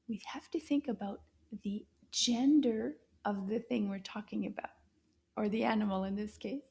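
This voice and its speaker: Children's French teacher, woman, high-pitched, deliberate pace, theatrical gasps and whispers. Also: warm tone. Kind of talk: children's language lesson.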